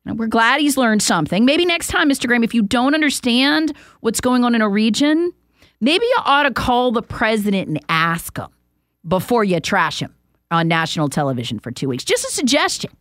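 A woman's voice: on the high side, sing-song, brisk, a bit bright, no echo, clean studio sound. Emphatic opinionated woman radio host. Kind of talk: political commentary monologue.

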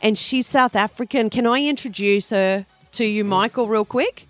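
A woman's voice: fairly high pitch, normal speed, dry recording, faint music behind. A woman co-hosting a radio show, chatting in a bubbly, enthusiastic way. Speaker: radio co-host. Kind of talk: casual radio chat.

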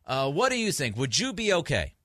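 A grumpy, sleep-short man hosts sports talk radio with a bright, forceful tone. He is emphatic, keeps restarting and repeating himself, and sits on a dry, close studio mic. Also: on the high side, huge pitch swings, fairly quick, no room sound.

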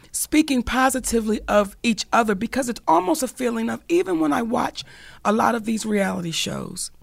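A woman's voice: fairly high pitch, gravelly, dry recording. A woman hosting a call-in radio talk show, speaking candidly and bluntly, cursing freely as she drives her point home.

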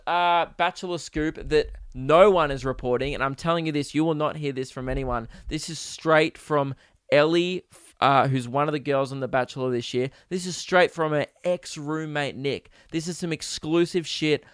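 A man's voice: fairly high pitch, normal speed, smooth, dry recording, clean studio sound. Rambling man, joking podcast host. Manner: rambling, joking, mock-dramatic. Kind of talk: casual solo podcast chat.

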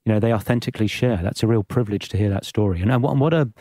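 Male podcast host, gentle and moved, lowish voice, dry close sound. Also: very fast, dry recording. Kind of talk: podcast interview.

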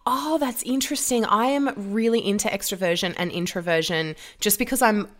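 A woman's voice: medium pitch, a little fast, a bit bright. A woman hosting a podcast, chatting in a rambling, casual way with many fillers. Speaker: podcast host. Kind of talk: casual chat.

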